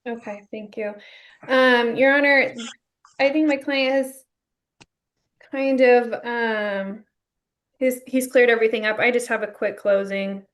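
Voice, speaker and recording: A woman's voice: on the high side, fairly even intonation, unhurried, pauses often. A woman attorney addressing the judge briefly and politely, with a hesitant manner. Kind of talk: courtroom address.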